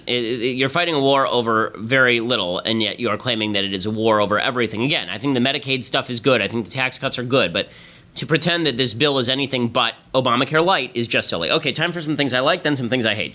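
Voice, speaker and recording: A man hosting a political podcast, delivering a rapid, sardonic commentary monologue. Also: mid-range voice, sharp tone. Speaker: podcast host.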